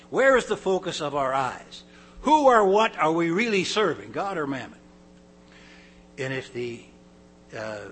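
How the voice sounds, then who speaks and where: A pastor reads scripture with rising emphasis, then explains it plainly and conversationally, with asides, small laughs and restarts. His voice is mid-range and a bit bright, on a low-quality recording with a little hiss or hum.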